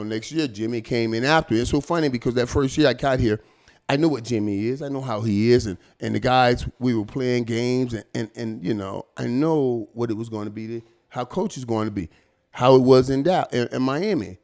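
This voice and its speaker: Animated slangy man telling stories. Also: mid-range voice, moderate pace. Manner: animated, slangy, repeats words and acts out quotes. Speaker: guest. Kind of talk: casual storytelling.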